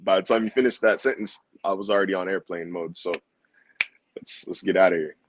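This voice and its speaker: A man's voice: sits low, steady tone, a little fast, noisy background. A man calling in as a team reporter, tired and easygoing, telling a travel story with self-deprecating humor. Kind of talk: casual chat.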